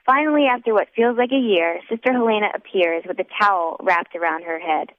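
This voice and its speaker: A woman narrating a first-person audiobook in a wry, measured way. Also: medium pitch. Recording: dry, tinny phone-like sound.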